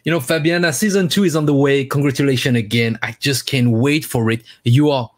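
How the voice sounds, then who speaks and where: A man hosting an online interview. He speaks in English with eager enthusiasm. He pauses and restarts often, leaning on filler phrases. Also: mid-range voice. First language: French. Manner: enthusiastic, halting, many "you know" fillers. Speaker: interview host. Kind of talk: casual interview chat.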